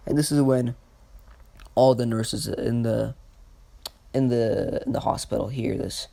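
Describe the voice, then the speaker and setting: A man casually narrating a fan story, halting and slow, with many restarts. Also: mid-range voice, fairly even intonation, gravelly, mellow, no echo.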